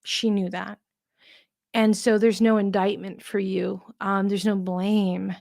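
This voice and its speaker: A woman giving a live pet mediumship reading, gentle and reassuring, with many fillers and restarts. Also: mid-range voice, little pitch movement, slow pace, vocal fry, dry recording, clean studio sound. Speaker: tarot reader and pet medium.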